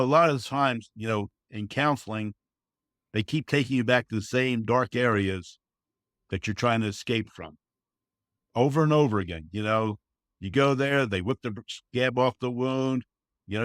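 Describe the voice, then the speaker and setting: A man's voice: medium pitch, dry recording, studio quality. A man speaking as a podcast guest in casual conversation, earnest and folksy, often saying "you know" and acting out quotes. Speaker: guest, service dog trainer.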